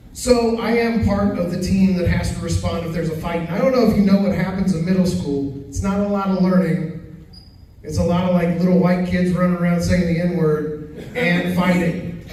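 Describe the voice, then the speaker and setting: A middle-aged male comedian with a fairly high voice works through a stand-up set, chatting with the crowd and acting out each side of his stories. He is caught from some way off, so the sound carries a lot of room echo and a faint hum of ambience. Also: normal speed, dark tone. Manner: conversational storytelling, acts out dialogue. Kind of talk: stand-up set at an open mic. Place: comedy venue stage. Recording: echoey venue from far off.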